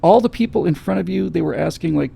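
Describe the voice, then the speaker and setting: A man hosting a casual talk show, telling a travel story in a lively way and slipping into a calm pilot voice now and then. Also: a little high, quick pace, vocal fry, breathy edge. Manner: animated storyteller, mimics a calm airline pilot. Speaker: host. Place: studio set, seated.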